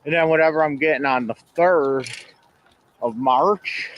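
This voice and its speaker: Slow, breathless man on a bike. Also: on the high side, a bit bright, lo-fi sound, slight background noise. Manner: slow, halting, clears throat often. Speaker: cyclist filming himself. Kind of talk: casual chat while riding. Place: outdoors on a city street, riding a bike.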